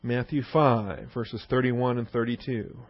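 A man's voice: medium pitch, steady tone, unhurried, dry recording, highs cut off. A male pastor preaching an expository sermon, stressing points with repetition and rhetorical questions. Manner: emphatic, rhetorical questions, repeats key points.

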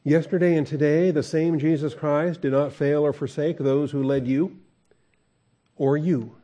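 A man's voice: fairly high pitch, fairly even intonation, unhurried, mellow, muffled recording. A man preaching a conversational verse-by-verse sermon as a pastor, asking the congregation questions and chuckling often.

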